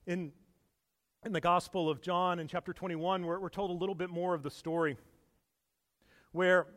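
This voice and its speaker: A male pastor preaching a sermon in earnest, swinging from hushed to loud and emphatic, stumbling and repeating words with small laughs. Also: high voice. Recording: echoey hall with long reverb.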